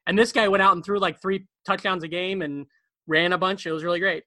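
Bright, rambling podcast guy. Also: high-pitched, fairly even intonation, no room sound. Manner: rambling, jokey, talks fast and repeats words. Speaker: podcast co-host. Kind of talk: casual chat. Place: bedroom at home.

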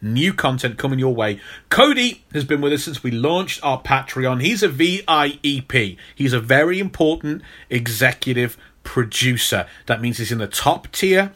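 A British man in casual podcast chat, speaking at a middling pitch. He runs his lines with playful, mock-stern energy and animated swings. He talks into a podcast microphone. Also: normal speed. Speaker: podcast co-host.

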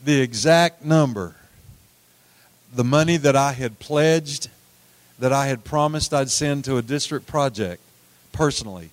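A middle-aged man preaching a sermon, telling folksy stories with repeated words and swings from loud to hushed. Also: medium pitch, measured pace, long pauses, no room sound. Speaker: pastor.

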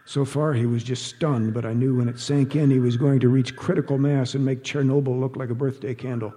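A man's voice: medium pitch, fairly even intonation, brisk, few pauses, mellow, husky, long reverb tail. A man narrating an audiobook in a dry, wry storytelling manner.

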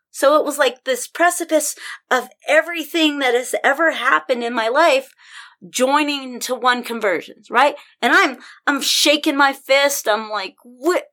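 High-voiced animated woman telling a story. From Denver. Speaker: podcast guest storyteller. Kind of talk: casual storytelling chat.

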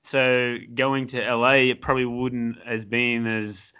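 Guy hosting a podcast, smooth voice, kinda dull lo-fi sound, keeps saying yes. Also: medium pitch, level tone, measured pace, pushed and bright. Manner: chatty, agreeable, lots of "yes". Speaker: podcast host. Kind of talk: casual interview chat.

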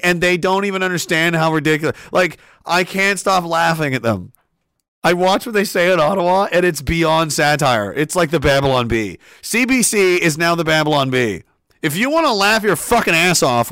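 A man's voice: a little high, a bit bright, no room sound, studio quality. A man delivering a casual, profane rant, mocking and laughing often. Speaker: commentator.

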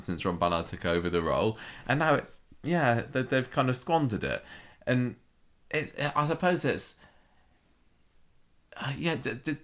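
A woman co-hosting a casual podcast, opinionated and quick with her asides. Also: a bass voice. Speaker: podcast co-host. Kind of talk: casual soap recap chat.

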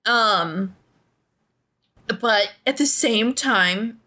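A young woman chatting casually about a book she has just read. Her voice is bright and clear, and she talks in a rambling, animated way, breaking off into groans, sighs and restarts. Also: a little high, very slow. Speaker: book club podcast co-host.

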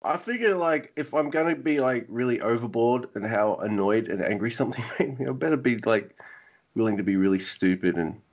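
A man's voice: medium pitch, brisk. Rambling man on a lo-fi podcast. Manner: rambling, self-interrupting and casual. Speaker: podcast co-host. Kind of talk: casual chat. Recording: dull lo-fi audio.

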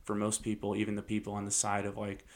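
Lively young man telling stories. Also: on the low side, fast. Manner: animated storyteller, swearing, laughing often. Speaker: podcast host, comedian. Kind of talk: casual podcast chat.

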